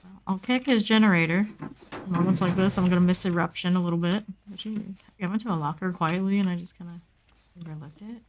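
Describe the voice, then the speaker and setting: Against a noisy background, a female streamer gives chatty, casual commentary on her game, talking to herself with playful asides and sudden excited squeals. Her voice is on the low side and fairly quick.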